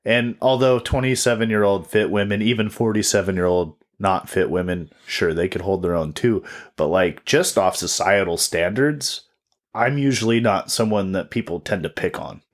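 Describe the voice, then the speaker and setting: A man's voice: fairly low pitch, moderate pace. A man in his twenties, a comedian and podcast co-host, telling a story in casual chat, swearing freely and acting out quotes. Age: 20s.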